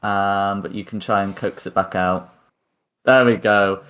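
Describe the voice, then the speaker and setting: A man's voice: fairly low pitch, steady tone, measured pace, a bit bright. A man acting as game master, narrating hesitantly with many ums and repeated words. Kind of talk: running a tabletop game.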